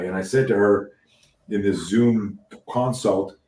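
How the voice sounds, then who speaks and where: Low-voiced man telling stories in an echoey room. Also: slow, distant mic. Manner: animated storyteller, swears freely, many restarts. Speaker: podcast host. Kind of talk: casual interview chat.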